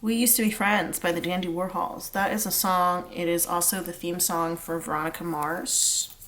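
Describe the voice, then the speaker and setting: A woman's voice: lowish voice, fairly even intonation, normal speed, a bit bright. A woman giving a casual pick-a-card tarot reading, chatty and rambling with lots of fillers. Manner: chatty and rambling, many fillers, sings snatches of lyrics. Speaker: tarot reader.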